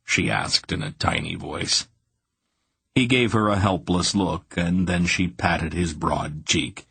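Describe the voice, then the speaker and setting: A man narrating an audiobook in a steady, expressive reading. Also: low voice, takes it slowly, gravelly, husky, no echo.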